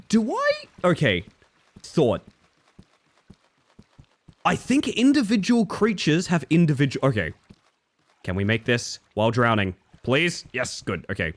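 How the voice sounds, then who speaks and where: A man's voice: a little high, sing-song, a little slow, pauses often. A young man from Western Australia with a Western Australian accent tinged with British, chatting playfully with viewers while gaming on a live stream.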